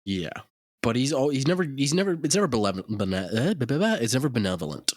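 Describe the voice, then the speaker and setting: A male podcast host spins a long, wandering tale, swearing casually and tripping over his own words. His pitch leaps up and down with animation. The sound is close and dry, with no room echo. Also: fast. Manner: rambling, profane, animated storytelling with many fillers.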